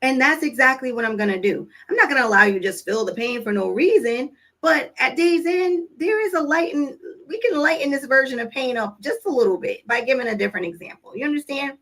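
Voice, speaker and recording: Woman, parenting vlogger, bright higher pitch, casual earnest storyteller who acts out dialogue. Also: animated, a little fast, few pauses, low-quality recording. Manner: conversational storytelling, acting out quoted dialogue; earnest, coaching tone with direct questions to listeners. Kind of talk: casual monologue to camera.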